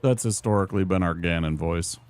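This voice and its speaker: A young gaming streamer with a deep, darkish, smooth voice talks briskly while playing a video game, with faint music in the background. His let's-play chat is casual, full of jokes, rambling and restarts.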